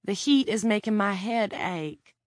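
A woman's voice: mid-range voice, expressive, measured pace, no echo, studio quality, voice pushed up, lightly acted. A woman narrator voicing a tired young woman who complains in a whiny, childlike way. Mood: listless.

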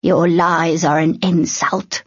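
A woman's voice: fairly low pitch, flat delivery, takes it slowly, breathy edge, no room sound, muffled recording. Woman doing a stern bony troll woman. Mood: accusing. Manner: stern, formal.

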